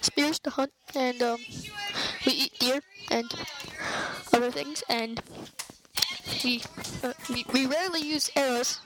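A woman with a high voice rambles slowly through an improvised comedy story, full of fillers and false starts. The recording carries a steady background noise with occasional clicks. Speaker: host of a homemade improvised show. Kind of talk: improvised solo comedy play.

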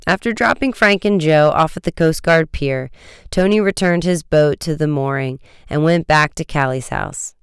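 Man reading an audiobook, steady and measured, super clean dry sound. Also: on the high side, smooth, no room sound. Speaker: narrator.

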